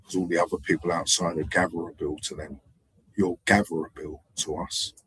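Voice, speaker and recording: A man's voice: sits low, level tone, a little fast, a bit bright, a little hiss or hum, rough recording. A man hosting a live stream, talking in a rambling, digressive way with hesitations and repeats. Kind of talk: rambling casual monologue.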